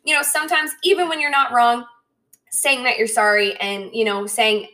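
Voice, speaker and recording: Chatty, bright-voiced woman podcast host. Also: fairly high pitch, moderate pace. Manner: chatty, frequent "like" and "right?", animated quoted asides. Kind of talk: casual podcast monologue.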